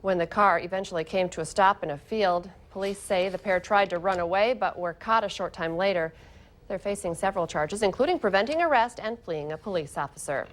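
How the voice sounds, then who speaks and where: A woman's voice: medium pitch, brisk. Woman anchoring a morning newscast. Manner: bright, chatty banter between stories. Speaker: news anchor. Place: TV news studio.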